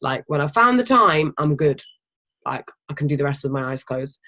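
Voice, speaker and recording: Team leader, casual motivational training talk; emphatic, energetic, swears freely, mid-pitched. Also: normal speed. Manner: animated, energetic. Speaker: team leader of a health business.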